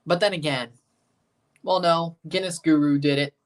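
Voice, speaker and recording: A man's voice: a little high, steady tone, normal speed. Chatty man reacting to a live soccer match. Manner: chatty, reads chat aloud, sarcastic asides. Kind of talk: casual live watchalong commentary.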